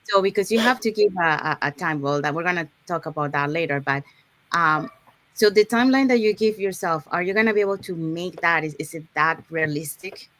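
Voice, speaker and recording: A woman with a fairly low voice leads a live online workshop. She explains each point step by step and keeps checking in with listeners. Her delivery is loose and unscripted. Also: brisk, a bit bright. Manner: explanatory, often checking in with "okay?"; unscripted, with fillers and restarts. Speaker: presenter.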